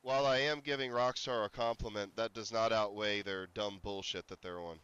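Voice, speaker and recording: A man's voice: fairly low pitch, fairly even intonation, moderate pace, fairly bright tone, muffled recording, slight background noise. A man streaming a game, chatting casually and rambling, breaking into laughter and startled yelps. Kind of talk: casual gameplay commentary.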